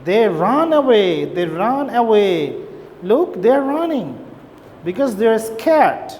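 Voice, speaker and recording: A woman teacher giving an English reading lesson to young children, explaining slowly and checking in with "okay?". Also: medium pitch, sing-song, a little mellow. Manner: slow, simple explanations with repeated "okay?". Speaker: primary school teacher. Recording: long reverb, faint background noise.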